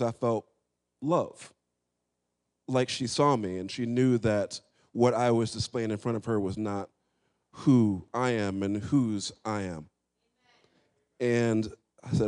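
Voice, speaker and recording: A man's voice: medium pitch, a little slow, pauses often, darkish tone. A man with an ordinary mid-range voice speaks earnestly and reflectively. He tells a personal story in an easygoing conversational way. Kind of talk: personal story in casual talk.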